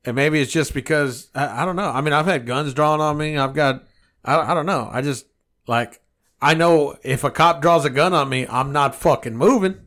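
A man's voice: on the high side, normal speed, a bit bright. A man co-hosting a podcast, ranting in a heated, profane, rambling way. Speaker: podcast co-host. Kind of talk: casual podcast rant.

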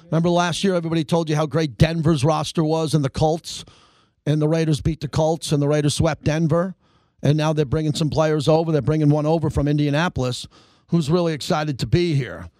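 A middle-aged man hosts a call-in sports radio show with a high voice that leaps even higher when he gets fired up. He rants at his listeners from a dry, close studio microphone. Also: brisk, dry recording. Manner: animated, ranting, pitch shooting up when worked up.

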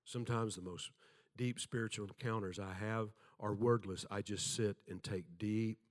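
A man's voice: lowish voice, steady tone, moderate pace. An older man preaching a sermon, telling folksy stories with self-deprecating humor and acting out the voices in them.

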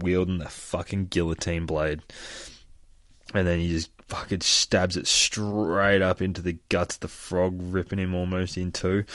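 A man retelling a comic book in a casual, profane, excitable way, laughing often. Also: deep voice, no room sound.

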